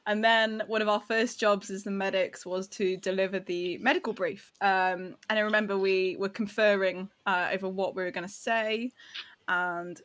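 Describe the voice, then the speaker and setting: A woman's voice: mid-range voice, steady tone, normal speed, a bit bright. A woman, an expedition medic, chatting casually on a podcast, laughing often and acting out quotes.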